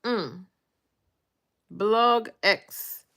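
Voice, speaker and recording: A woman's voice: medium pitch, very slow, a bit bright. An American woman in her sixties hosting a casual livestream from her bedroom on her phone, chatting with viewers and reading their names aloud. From United States. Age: 60s. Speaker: vlog host.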